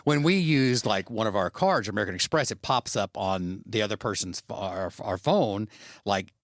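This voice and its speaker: A man's voice: lowish voice, expressive, moderate pace, dry recording, clean studio sound. A middle-aged man co-hosting a podcast, telling a rambling, self-deprecating story with frequent laughs. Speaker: podcast co-host. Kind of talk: casual storytelling chat.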